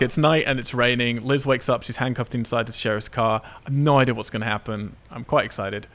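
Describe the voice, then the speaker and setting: A man co-hosting a casual podcast chat, excitedly recapping a film and laughing often as he talks. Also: medium pitch, a little fast, hardly any pauses.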